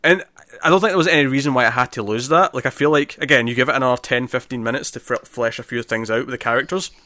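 A man co-hosting a casual podcast, chatting through a film review with lots of restarts and animated emphasis. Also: medium pitch, quick pace, dry recording. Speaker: podcast co-host.

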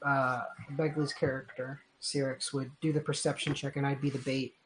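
A man's voice: mid-range voice, level tone, moderate pace, a bit bright, poor audio. A man playing a tabletop game, talking casually and thinking aloud with some hesitation, with faint noise behind. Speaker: player.

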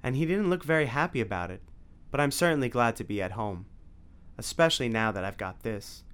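A gentle young woman with a kind, lightly wry way of speaking, as a man reading a story puts her on. She sounds soft and unhurried. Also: mid-range voice, animated, clear, resonant tone, lightly acted.

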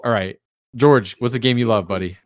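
A man's voice: medium pitch, a little fast, no room sound. A young man hosting a casual group chat, loose and full of fillers. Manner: loose, swearing, filler-heavy. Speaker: host asking the group.

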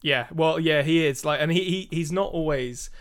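A man co-hosting a film podcast in casual chat, talkative and quick to laugh, often restarting his sentences. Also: fairly high pitch, smooth. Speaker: podcast co-host.

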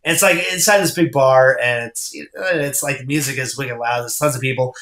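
A man's voice: medium pitch, moderate pace, fairly bright tone, echoey room. A man telling rambling stories in a casual podcast chat, with lots of fillers. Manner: rambling storyteller, many fillers and laughs. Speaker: comic book writer.

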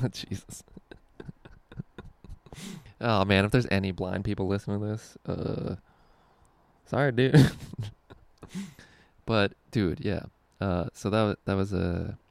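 A young man with a low, gravelly voice tells rambling road stories on his podcast, swearing freely and laughing at his own lines. The sound is close and dry, with no room around it. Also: a little mellow, no echo. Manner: rambling, profane storytelling with frequent laughs. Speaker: stand-up comedian and podcast host. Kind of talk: casual podcast chat.

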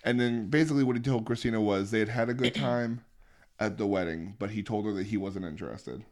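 Low-voiced man recapping a reality show. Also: darkish tone. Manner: recaps at length, mocking, quick joking asides. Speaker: podcast co-host. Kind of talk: casual chat.

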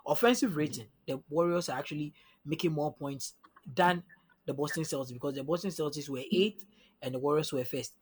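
Husky, slightly high man breaking down stats. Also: a little fast. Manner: analytical, often asks "you understand?". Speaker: podcast guest analyst. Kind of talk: casual sports chat.

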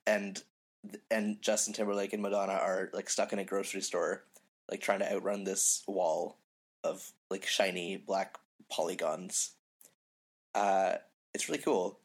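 A man's voice: low-pitched, level tone, unhurried, slightly rough. A man co-hosting a podcast in casual chat, with a phlegmy voice, dry joking asides and hesitant restarts. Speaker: podcast co-host. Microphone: remote call.

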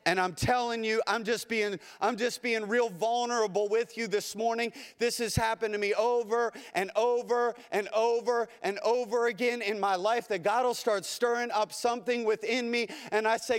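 A man's voice: very high voice, fairly even intonation, normal speed, few pauses, clear, resonant tone, long reverb tail. A man who is a pastor, preaching a sermon in an earnest, emphatic way and often repeating phrases. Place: church sanctuary.

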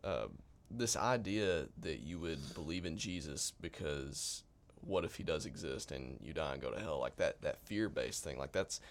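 A man with a very deep voice co-hosting a casual podcast. His pitch swings widely, and he breaks in with jokey outbursts. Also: normal speed, hardly any pauses, slight background noise. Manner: jokey, with sudden lively outbursts. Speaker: podcast co-host. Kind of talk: casual discussion.

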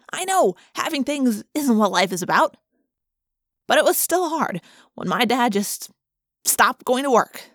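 A woman reading a first-person novel aloud in an expressive, wry, conversational way. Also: mid-range voice, dry recording, studio quality. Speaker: audiobook reader.

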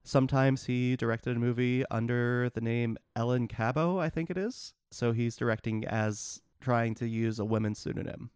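A man's voice: mid-range voice, moderate pace, few pauses, darkish tone, clear, resonant tone, no room sound, studio quality. A man co-hosting a podcast, casually and wryly explaining the plots of obscure films. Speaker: podcast co-host. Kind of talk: casual movie discussion.

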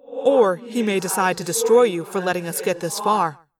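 A woman voicing a cool, calm male alien warrior. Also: lowish voice, normal speed, noisy background, close to an everyday voice.

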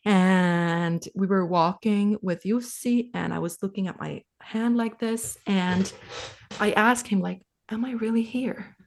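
A woman from Finland in her thirties, a guest on a podcast interview, talking in a relaxed, reflective way and turning lively when she quotes herself. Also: mid-range voice, a little slow. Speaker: podcast guest, sales coach. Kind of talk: casual interview talk.

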